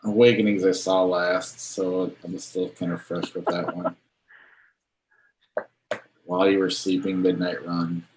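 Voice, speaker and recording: A man's voice: sits low, flat delivery, a little slow, pauses often. A man hosting a movie podcast, easygoing with dry humor. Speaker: podcast host. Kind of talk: casual podcast chat. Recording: roomy with faint background noise.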